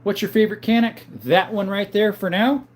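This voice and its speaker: A man hosting a casual livestream, reading viewers' chat names aloud and answering them in a relaxed, easygoing way. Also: sits high, a little fast. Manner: calls viewers brother. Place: home, in front of a counter.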